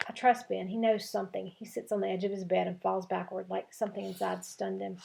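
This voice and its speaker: A woman teacher reading a chapter book aloud to her class, with clear, expressive storytelling. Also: mid-range voice, brisk, noisy background.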